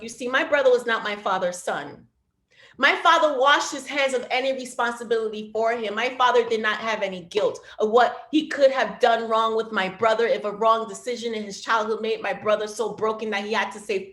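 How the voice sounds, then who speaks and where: A woman reading her own poetry aloud over a video call, with a measured, rhythmic delivery that drops to a hush. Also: mid-range voice. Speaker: poet. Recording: roomy echo.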